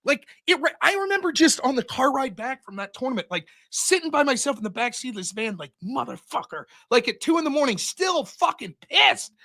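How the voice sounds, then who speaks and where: Fast-talking, profane male streamer. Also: very high voice. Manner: profane, animated storyteller. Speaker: streamer and debater, show host. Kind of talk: casual storytelling on a stream.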